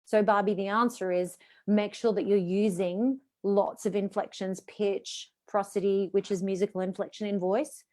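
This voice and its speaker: A woman with an Australian accent, a voice and presentation coach leading a live online workshop, reading out questions and answering them with lively, varied inflection. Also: mid-range voice, moderate pace, few pauses.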